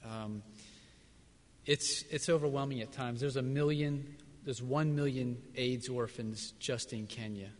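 Male missionary, mid-pitched, earnest and reflective, answering onstage, long hall reverb. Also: steady tone, measured pace, darkish tone. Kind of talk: church service interview answers.

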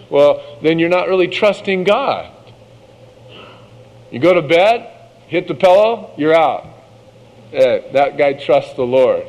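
A man preaching a sermon, reading scripture slowly and measuredly, then breaking into casual asides. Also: a little high, lively intonation, big-room sound, rough recording.

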